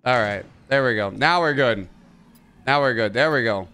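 A man narrating a horror game let's-play, joking, swearing and yelling when startled. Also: medium pitch, normal speed, a little hiss or hum. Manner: jokey, swears, mutters, yells when startled. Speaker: gaming YouTuber.

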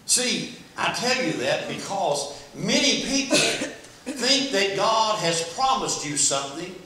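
High bright-voiced preacher in a ringing church. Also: male voice, very animated, takes it slowly, background noise. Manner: folksy, repetitive preaching that builds to shouting. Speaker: pastor. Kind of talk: sermon. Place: large echoey church sanctuary. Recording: echoey church from a distance.

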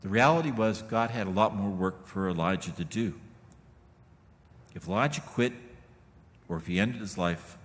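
In the long reverb of a church hall, a middle-aged pastor preaches with a relaxed, folksy manner, often turning aside to address the congregation. His pitch is fairly low, his speed normal, and he leaves long pauses between phrases.

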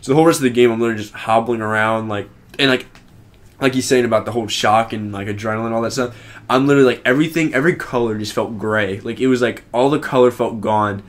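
A man's voice: medium pitch, quick pace. A young man co-hosting a podcast, telling a long story in casual chat and filling it with "like". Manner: rambling, heavy use of "like" fillers. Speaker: podcast co-host.

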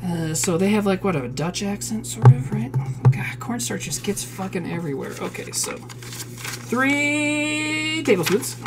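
A woman's voice: lowish voice, expressive, moderate pace, very noisy. Chatty swearing woman cooking on stream. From South Dakota, US. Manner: profane, chatty, reads recipe steps aloud and answers chat. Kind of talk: casual live-stream chat while cooking. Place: home kitchen.

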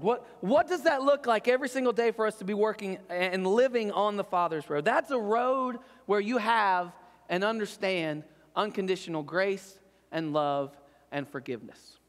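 A man's voice: high-pitched, a bit bright, big-room sound. A man preaching a sermon as pastor, earnest and often checking in with "right?". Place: church sanctuary.

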